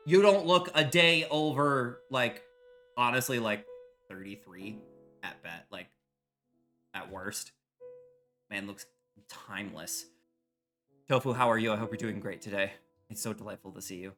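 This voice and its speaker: A man streaming live while he bakes in a home kitchen, rambling and joking loudly with his viewers, his microphone set some way from his face. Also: medium pitch, normal speed, pauses often, soft background music. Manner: loud, rambling, jokey, chatting with viewers. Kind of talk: casual chat while baking. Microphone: microphone set far from his face.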